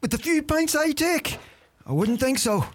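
A man acting out a sly, work-shy old Irish uncle with a strikingly high, reedy voice. He mutters dry, grumbling wisecracks in a thick Irish accent, like a comedy sketch character. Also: very animated, moderate pace. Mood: wry. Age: older.

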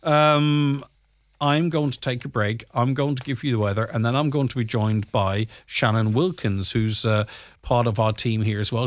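A male radio presenter, chatting casually and wryly with a co-host on air. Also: medium pitch. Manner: chatty, wry, quick to laugh.

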